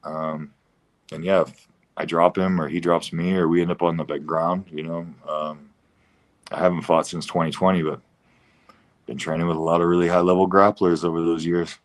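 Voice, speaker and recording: Man, very low voice, blunt, halting with fillers, casual interview guest. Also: level tone. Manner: halting, many fillers and restarts, blunt, swears. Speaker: professional fighter, guest.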